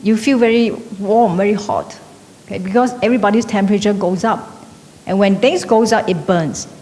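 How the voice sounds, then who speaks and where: A woman's voice: normal speed, a little mellow. Woman lecturing in an echoey hall. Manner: conversational, frequent tag questions like "okay?" and "right?". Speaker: teacher. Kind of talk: classroom lecture. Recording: echoey hall with faint rumble.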